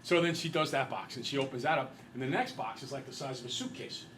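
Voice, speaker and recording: A man's voice: mid-range voice, fast, fairly bright tone, slight background noise. A middle-aged man teaching a math class, telling jokey stories and acting out little voices. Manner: playful, jokey, acts out voices in anecdotes.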